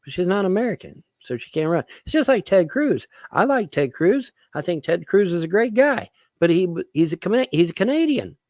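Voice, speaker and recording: A man's voice: high voice, sing-song, fairly quick, hardly any pauses, a little mellow, no room sound. A man ranting to his viewers as a vlogger, swearing, repeating himself and asking rhetorical questions. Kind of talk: rambling political rant to camera.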